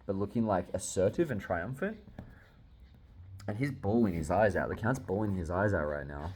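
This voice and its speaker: A young man reviewing a manga chapter in casual reaction talk, excitable and swearing, often laughing. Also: low-pitched, moderate pace, slight background noise.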